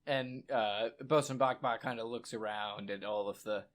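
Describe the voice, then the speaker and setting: A man playing a tabletop game, talking casually with quick asides. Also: on the low side, steady tone, a bit bright. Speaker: player.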